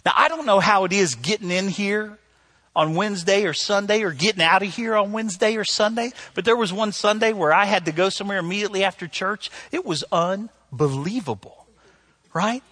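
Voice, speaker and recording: Husky-voiced pastor preaching a sermon. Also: male voice, sits high, brisk. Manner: storytelling with sudden loud outbursts, then soft.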